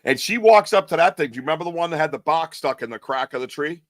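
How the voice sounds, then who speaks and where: A man hosting a podcast, talking loudly and excitedly in casual chat, with some swearing. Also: a little high, fast talker, no room sound. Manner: loud, animated, cursing. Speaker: podcast host.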